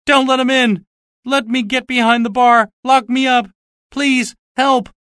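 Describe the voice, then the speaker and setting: A man's voice: fairly even intonation, a little slow, a bit bright, smooth, dry recording, studio quality. A man voicing a terrified, ragged fugitive who is crying and out of breath as he begs for help. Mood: panicked pleading. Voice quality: high, strained and pleading. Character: terrified, sobbing ragged man fleeing a pursuer.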